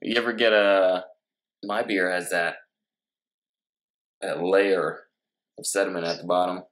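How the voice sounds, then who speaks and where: A man's voice: low-pitched, steady tone, measured pace, a bit bright, rough recording. A man in his thirties co-hosting a casual beer-tasting chat, laid-back and teasing. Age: 30s. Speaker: co-host.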